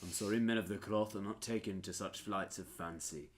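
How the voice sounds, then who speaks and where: A man's voice: on the low side, steady tone, a little fast, slight background noise. A man in a tabletop role-play game, speaking formally and piously as a priest character. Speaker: player voicing a priest character.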